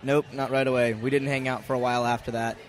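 A man's voice: medium pitch, little pitch movement, fast. A man talking frankly as a recurring guest in a casual podcast chat. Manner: candid, frank storytelling.

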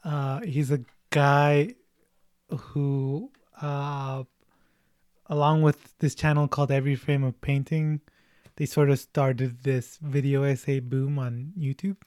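A man's voice: medium pitch, little pitch movement, darkish tone, no room sound. Chatty man with a dry, close voice. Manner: chatty, laughing, halting restarts. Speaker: podcast co-host. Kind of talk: casual movie chat.

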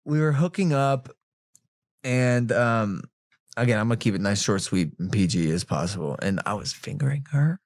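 A man's voice: animated, moderate pace, no room sound. Guy in his 20s on a podcast, crude storyteller, voice jumps all over, dry close sound. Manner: crude, swings loud and high when telling stories. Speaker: podcast guest. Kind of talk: casual chat, animated storytelling.

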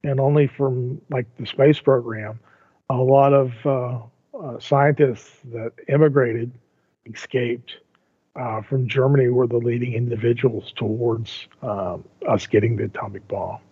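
A man's voice: medium pitch, fairly even intonation, measured pace, slightly rough, no room sound. Older man rambling over a tinny line. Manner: rambling, frequent restarts and repeated words. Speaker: podcast co-host. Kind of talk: casual podcast chat. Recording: tinny phone-like line, dry.

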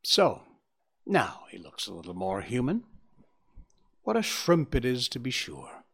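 A man voicing a confident, sharp-witted gentleman detective in a storybook reading. He speaks briskly and with authority, with a lively, rising and falling delivery and a touch of mockery. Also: medium pitch, vocal fry, slightly rough, heavily acted. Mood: commanding. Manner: brisk, cheerfully commanding, lightly mocking. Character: sharp, self-assured gentleman detective, middle-aged man. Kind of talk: audiobook character reading.

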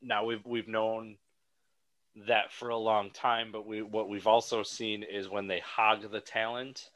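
Man, podcast co-host, casual chat, animated, rambling, lowish pitch, bright tone. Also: measured pace.

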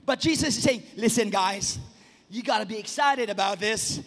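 A man preaching a sermon as pastor, swinging between sing-song shouts and sudden soft, quiet asides. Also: sits high, sing-song, normal speed, breathy edge. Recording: long reverb of a large hall.

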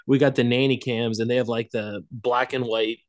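A young man co-hosts a casual podcast and tells a story in loose, rambling bursts, breaking into laughter now and then. His voice sits in an ordinary middle pitch. The sound is dry and close. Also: steady tone, normal speed, no room sound. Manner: rambling, laughing storyteller who acts out quotes. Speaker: podcast co-host.

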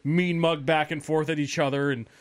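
A man co-hosting a podcast, telling stories in a profane, animated, casual way. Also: on the high side, moderate pace. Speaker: podcast co-host. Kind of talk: casual chat.

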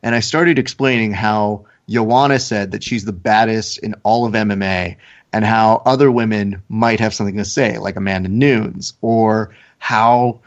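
A man co-hosting a casual podcast, telling stories in a relaxed, laid-back way. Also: fairly low pitch. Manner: laid-back storyteller, mimics others with a put-on accent. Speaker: podcast co-host. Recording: slightly dull lo-fi audio.

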